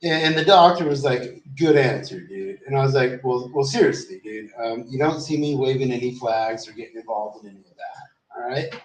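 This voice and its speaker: A man's voice: medium pitch, moderate pace. A man telling a loose, rambling story in casual chat, swearing freely and trailing off in fillers. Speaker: vlogger. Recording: roomy echo, distant from the mic.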